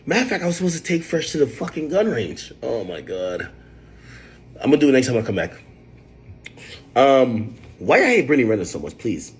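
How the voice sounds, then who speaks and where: Male livestream host, husky, animated storyteller, big pitch swings, loud outbursts. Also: fairly quick. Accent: New York. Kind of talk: casual livestream chat.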